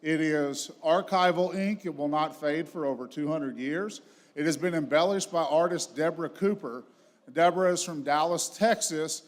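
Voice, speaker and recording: A man's voice: fairly high pitch, normal speed. Male banquet speaker, heartfelt and earnest, long hall reverb. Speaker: board member presenting an auction item. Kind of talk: speech at an awards banquet.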